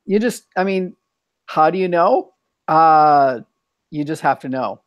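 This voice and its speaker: A man's voice: on the high side, expressive, unhurried, dry recording, lo-fi sound. A man hosting a casual bilingual chat, rambling and thinking aloud as he talks. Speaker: host.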